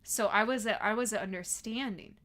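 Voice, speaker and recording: A woman's voice: medium pitch, brisk, a bit bright. Ranting young woman in her twenties. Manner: heated ranting, swearing, laughing between lines. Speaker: streamer reading chat. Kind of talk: casual livestream chat.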